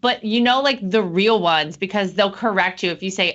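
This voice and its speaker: A woman's voice: mid-range voice, fairly quick, a bit bright, lo-fi sound. A woman hosting a casual chat show, talking in an upbeat, chatty way. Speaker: host.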